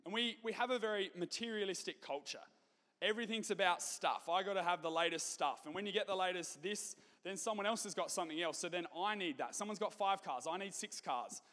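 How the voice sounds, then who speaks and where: Guy with a high voice doing a youth group talk, chatty and jokey, big hall echo. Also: a little fast, a bit bright. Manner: chatty, joking, conversational with fillers. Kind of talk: casual youth talk to students. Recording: long hall reverb.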